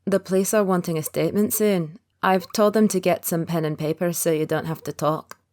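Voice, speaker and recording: A reserved man in his early thirties, guarded and soft-spoken in an audiobook romance, as a woman narrator reads him. The voice sits low and is steady, without theatrics. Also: close to an everyday voice. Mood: quiet, earnest. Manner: quiet, guarded, opens up slowly. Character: reserved thirty-one-year-old man, secret agent. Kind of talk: audiobook character voice.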